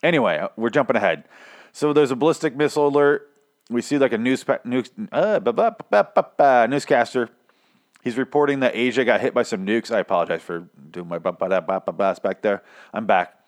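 A young man with a mid-range voice recaps a TV episode on his podcast at a fairly quick clip. He rambles casually, swears a lot, and trips over his words while making fun of himself.

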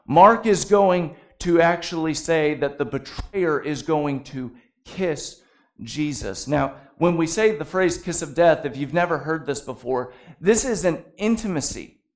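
Man preaching in a relaxed, joking way. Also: on the high side, measured pace. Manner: conversational preaching with humorous asides. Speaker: pastor. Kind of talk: sermon.

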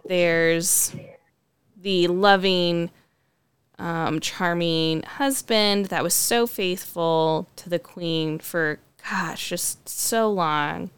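Thoughtful woman, clear, dry voice. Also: fairly low pitch, fairly even intonation, very slow, dry recording. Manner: thoughtful, hedging with frequent ums and likes. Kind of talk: casual conversational chat.

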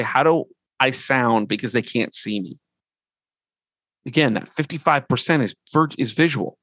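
A middle-aged man of average pitch gives a training talk in a relaxed, earnest way. He moves through his points one at a time. His voice is close and dry, with no room sound. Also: slightly rough, dry recording. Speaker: presenter. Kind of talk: conversational training presentation.

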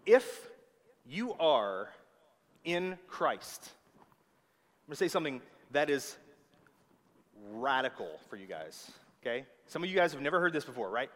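A man's voice: medium pitch, big pitch swings, unhurried, pauses often, fairly bright tone. A man preaching a sermon with emphatic delivery, often checking in with his listeners. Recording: long hall reverb.

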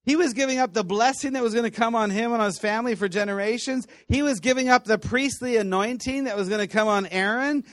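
A man teaching a class on the Bible, telling stories with animated voices and frequent laughs. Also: very high-pitched, fast, hardly any pauses, no echo, clean studio sound. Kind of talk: lively teaching talk to students.

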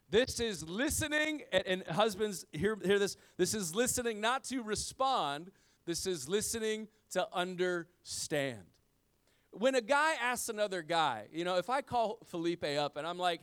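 A middle-aged man, a pastor, giving a sermon in a casual style with slang, swinging between loud emphasis and hushed, low lines. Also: normal speed, clean tone.

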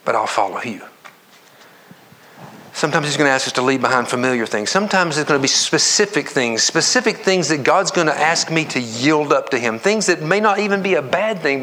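A pastor preaching a sermon to his congregation in an earnest, conversational way, with repetitions and quick asides. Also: on the high side, expressive, bright, forceful tone, slight background noise. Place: church sanctuary.

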